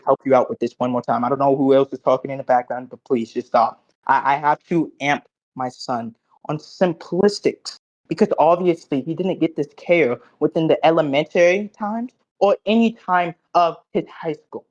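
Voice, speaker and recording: A man recapping an online debate, cocky and profane, lecturing in logic jargon with loud bursts and low mutters. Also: moderate pace, muffled recording.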